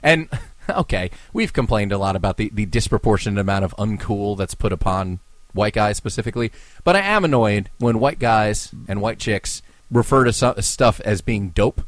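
A man's voice: on the low side, expressive, normal speed, no echo. A young man from New Jersey with a New Jersey accent, co-hosting a podcast in casual, joking chat and swearing freely. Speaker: podcast co-host.

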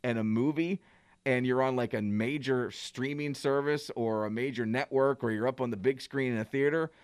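A man's voice: mid-range voice, normal speed, clean tone, no room sound, studio quality. A man co-hosting a radio talk show, chatting in a rambling, self-deprecating way. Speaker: radio co-host.

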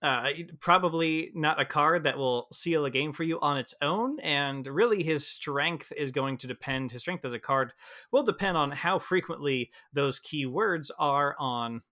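A man's voice: a little high, a little slow, pushed and bright. A man co-hosting a podcast in casual chat, joking and hesitant, with many fillers and restarts. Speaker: podcast co-host.

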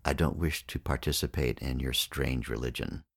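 A grumbling, impatient man in a spoken storybook tale, sharp with anyone who slows him down, as a narrator puts him on. His voice sits very low, and the recording is close and dry. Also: vocal fry, no room sound, exaggerated voice. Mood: irritated. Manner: impatient, complaining. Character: peevish thirsty man floating in a pond.

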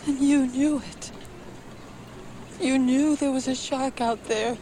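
A woman's voice: sits high, steady tone, slow pace, mellow. An actress playing a grieving mother in mourning black, speaking bitterly and accusingly in a film clip. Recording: film clip with background noise.

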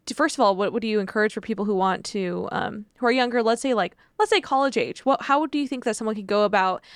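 A woman hosting a podcast in casual chat, asking questions and giving quick reactions. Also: mid-range voice, clear, resonant tone, dry recording, clean studio sound. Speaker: podcast host.

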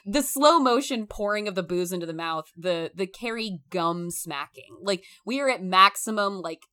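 A woman talking through a film in a casual, emphatic discussion, animated and swearing freely. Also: medium pitch, normal speed, clear, resonant tone.

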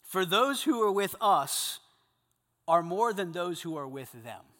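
A man preaching a sermon to a group of men, animated, swinging between loud emphasis and hushed intensity. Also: sits high, unhurried, long reverb tail. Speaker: pastor.

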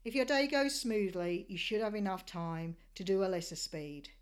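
A woman from Australia giving scripted travel narration of a sailing voyage in a measured, descriptive storytelling manner. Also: medium pitch, clean tone.

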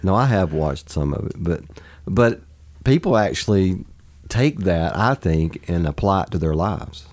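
A man's voice: low voice, lively intonation, a little slow, a little mellow. A man in his forties, a pastor talking earnestly about his family in casual conversation, laughing easily.

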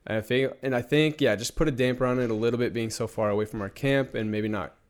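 A man's voice: medium pitch, quick pace. Laid-back young man chatting. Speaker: podcast co-host. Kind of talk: casual chat.

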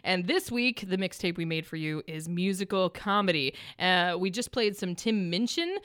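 A woman's voice: lowish voice, moderate pace, fairly bright tone, smooth, no room sound, clean studio sound. A woman hosting a radio music show, chatting in an upbeat way and laughing often. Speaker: radio host. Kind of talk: casual radio chat. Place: radio studio.

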